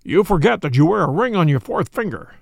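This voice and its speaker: A man's voice: a little high, very animated, brisk, gravelly, no room sound, studio quality, heavily acted. A man reading aloud, voicing a proud, haughty male detective in a lofty, theatrical manner.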